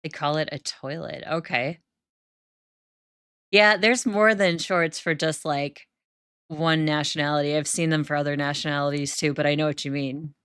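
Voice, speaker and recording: A woman's voice: deep voice, fairly even intonation, moderate pace, a bit bright, smooth, no room sound. A woman from the northern United States with an accent close to Canadian, chatting casually with her viewers while playing a life-sim game and laughing often. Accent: northern US, near Canada. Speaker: Sims gameplay streamer.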